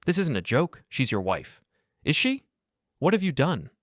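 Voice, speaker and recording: A man voicing a worried, meddling sister-in-law who talks anxiously and pleads, pitched higher than his own voice. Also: animated, moderate pace, no echo, studio quality.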